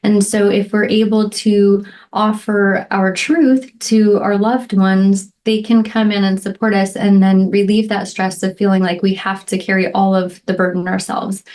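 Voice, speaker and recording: A middle-aged woman hosting a solo podcast, speaking in a heartfelt, reflective way and often checking in with "right?" and soft "um" fillers. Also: mid-range voice. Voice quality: emotional, near tears at moments. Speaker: podcast host.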